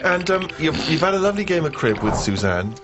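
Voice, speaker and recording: Male co-host, fast, dry sardonic wit, slightly high voice. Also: very animated, lo-fi sound, over music. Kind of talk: casual chat.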